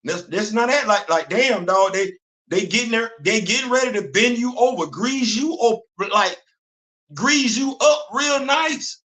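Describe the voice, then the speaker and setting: Animated high-voiced man ranting. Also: normal speed. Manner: animated, repetitive, laughing often, heavy slang. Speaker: host. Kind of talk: casual livestream commentary.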